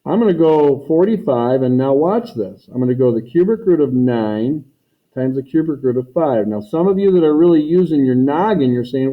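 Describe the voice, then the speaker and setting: A man's voice: mid-range voice, expressive, moderate pace. A man teaching a math lesson in a folksy way, talking students through each step and repeating his catchphrases. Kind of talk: recorded classroom lesson. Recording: tinny phone-like recording.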